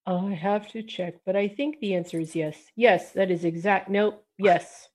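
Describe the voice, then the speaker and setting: An eager tabletop player checks their stats aloud and rallies the group. The voice sits at a middle pitch. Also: normal speed, darkish tone. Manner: enthusiastic, cheering the team. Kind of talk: casual tabletop game chat.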